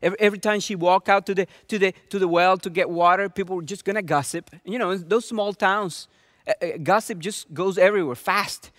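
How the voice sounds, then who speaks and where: High-voiced male preacher, earnest. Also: fairly quick, fairly bright tone, dry recording. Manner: earnest, with many rhetorical questions. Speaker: pastor. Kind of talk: sermon.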